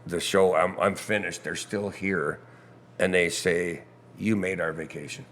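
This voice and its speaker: A hoarse man with a gravelly voice, a musician guest chatting casually in a pub's back bar, rambling and breaking off his own sentences. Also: low voice, steady tone, unhurried, fairly bright tone, slight background noise. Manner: rambling, self-interrupting storyteller. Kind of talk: casual chat.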